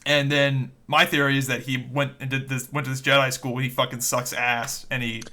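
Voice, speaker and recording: Male podcast co-host, bright tone, casual and swearing, rambles through his points. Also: mid-range voice, flat delivery, moderate pace. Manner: loose and profane, rambling with restarts. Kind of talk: casual chat.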